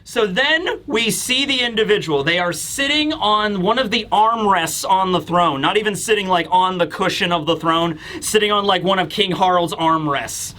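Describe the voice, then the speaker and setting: A man casually reviewing a manga chapter, animated and acting out scenes with voices. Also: sits high, normal speed, hardly any pauses. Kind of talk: casual video commentary.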